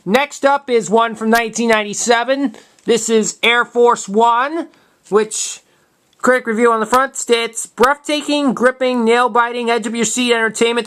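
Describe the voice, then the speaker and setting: A man in his twenties showing items from his collection in a casual vlog, talking in a halting, matter-of-fact way and often restarting words. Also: very high voice, a bit bright. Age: 20s. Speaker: video collector showing tapes. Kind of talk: casual show-and-tell vlog.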